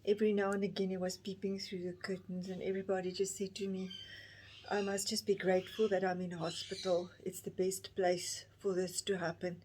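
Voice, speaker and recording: A woman in her fifties tells a personal story straight to camera, stopping and restarting often as emotion catches her. Her voice sits at an ordinary middle pitch for a woman. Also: little pitch movement, a little mellow, slight background noise. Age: 50s. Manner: halting, emotional retelling with many restarts. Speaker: vlogger.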